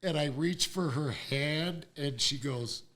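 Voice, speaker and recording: Older male guest; animated raconteur who voices quotes and breaks into laughs. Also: fairly high pitch, slow. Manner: acts out quotes, laughs often. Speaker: interview guest. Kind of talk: animated storytelling.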